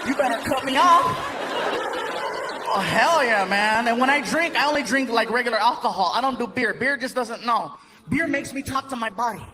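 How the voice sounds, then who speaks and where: A male stand-up comedian telling stories on a live stage, animated and shouting his punchlines. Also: extremely high pitch, brisk. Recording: noisy live show with loud crowd.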